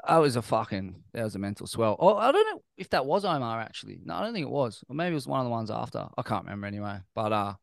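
An Australian man hosts an easygoing interview, winding through long questions with plenty of casual swearing. His voice sits at an ordinary middle pitch, and the sound is close and dry with no room echo. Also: very animated, very fast, gravelly, few pauses. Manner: laid-back, profane, long rambling questions. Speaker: podcast host.

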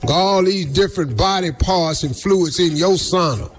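A man's voice: high voice, a little slow. A male radio host giving comic, bawdy advice with teasing, exaggerated storytelling. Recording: radio studio with music bed.

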